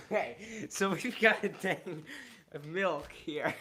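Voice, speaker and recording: Giggly high-voiced man. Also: slow, crowd noise. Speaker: co-host.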